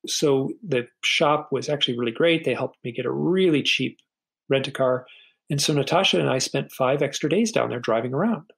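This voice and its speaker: A middle-aged man, a podcast guest, telling a personal story in an earnest, halting way, often repeating a word as he starts a sentence. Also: mid-range voice, vocal fry, fairly bright tone, slightly rough, poor audio.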